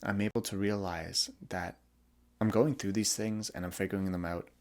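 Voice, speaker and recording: A young man hosting a podcast, talking candidly and vulnerably in a reflective monologue, often halting and restarting. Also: low voice, steady tone, darkish tone. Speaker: podcast host.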